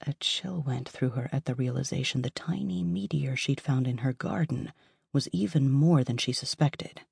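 A woman narrating a fantasy audiobook in a lively storytelling manner with rising emphasis. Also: extremely low pitch, moderate pace, creaky, slightly rough, no room sound, clean studio sound. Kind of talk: scripted narration.

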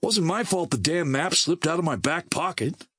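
A man's voice: fairly high pitch, expressive, moderate pace, a bit bright, slightly rough, no room sound, clean studio sound, pitched above the performer's own voice. A man voicing a sarcastic, hot-tempered young male wasteland scavenger, speaking in a snappy, bitter way. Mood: scornful.

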